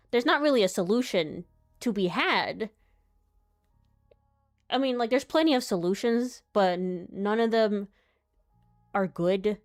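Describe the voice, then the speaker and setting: Young woman, casual rambling, frequent laughter, swears freely, faint music underneath. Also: medium pitch. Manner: laughs often, swears, mutters to herself while drawing. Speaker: artist streamer. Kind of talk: casual rambling while drawing.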